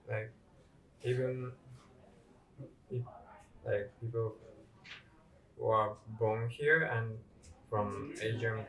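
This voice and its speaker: Slow, hesitant man, far off in a roomy echo. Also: fairly low pitch. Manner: hesitant, filler-heavy. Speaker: interviewee. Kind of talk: casual group chat.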